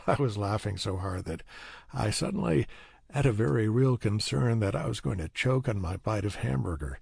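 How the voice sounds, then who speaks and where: Low gravelly guy reading an audiobook, husky, dry close sound. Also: lively intonation, moderate pace, darkish tone, no room sound. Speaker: audiobook narrator. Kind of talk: first-person audiobook narration.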